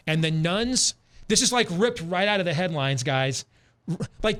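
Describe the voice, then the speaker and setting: Emphatic, animated male talk host. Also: high-pitched, a little slow, pauses often. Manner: emphatic, animated storytelling with repetitions. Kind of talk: opinionated radio talk.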